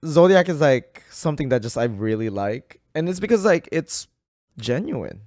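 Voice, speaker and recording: A man co-hosting a casual podcast, excitable and quick to laugh. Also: fairly high pitch, no echo, studio quality. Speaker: podcast co-host.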